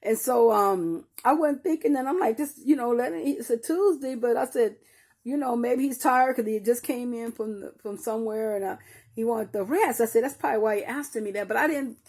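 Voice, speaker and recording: Older lady telling viewers a personal story, kinda high voice, warm and mellow, lots of restarts, chatty y'all style. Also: a little fast. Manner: talks straight to listeners, calling them y'all; repeats and restarts while recalling painful memories. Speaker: grieving mother.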